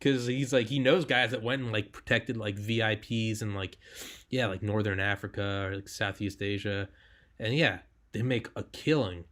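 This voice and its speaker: A young man hosts a podcast in loose, casual conversation. His voice sits a little low, and he talks with animated energy, swearing freely and breaking into laughter mid-story. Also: moderate pace. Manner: animated, swearing, laughs while telling stories. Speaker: podcast host.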